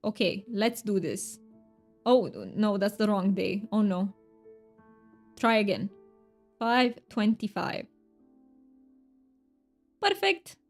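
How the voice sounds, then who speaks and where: A woman's voice: medium pitch, expressive, slow pace, pauses often, faint music behind. A woman streamer in casual live chat with her viewers, chatty and rambling, often correcting herself mid-sentence.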